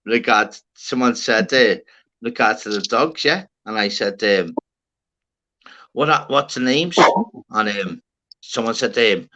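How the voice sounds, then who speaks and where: Excited swearing man hosting. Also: fairly low pitch, slow, long pauses. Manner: swearing, enthusiastic, repeats himself. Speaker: host. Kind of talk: casual livestream chat.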